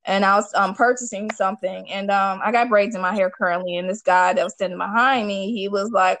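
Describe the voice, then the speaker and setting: A woman's voice: mid-range voice, a little fast, hardly any pauses, no echo, low-quality recording. A woman hosting a casual chat, telling stories bluntly and with lots of energy. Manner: blunt, animated storytelling with profanity. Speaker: podcast host.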